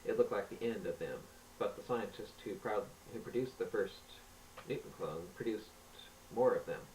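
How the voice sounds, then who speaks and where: A man reading a homemade adventure story aloud in a plain, steady way with small slips. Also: on the low side, moderate pace, recorded from a distance, slight background noise, rough recording.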